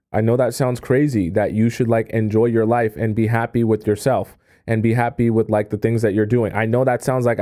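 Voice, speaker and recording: A man coaching on dating in a casual live stream, talking quickly with sarcastic asides while he reads viewer questions aloud and reacts to them. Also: lowish voice, dark tone.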